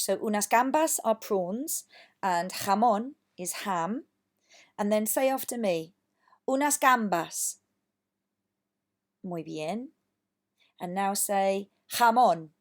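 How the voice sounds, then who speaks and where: A woman's voice: medium pitch, a little mellow. A woman teacher from England giving a recorded lesson, patient and encouraging, saying words for students to repeat. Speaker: language teacher.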